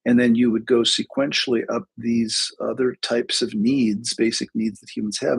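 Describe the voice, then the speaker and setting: A man with a gravelly, husky voice hosts a live talk on psychology. He speaks as a clinician in an easygoing, rambling way. He often wanders off on side stories and pokes fun at himself. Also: medium pitch, poor audio. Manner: chatty and digressive, with self-mocking jokes.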